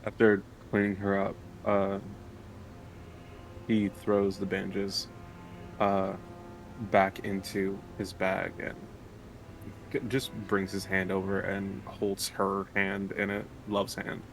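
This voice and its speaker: Slow-talking low-voiced man player. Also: completely flat delivery, faint music behind, low-quality recording. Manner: slow, halting, with fillers. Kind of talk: casual tabletop game play. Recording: clear background noise.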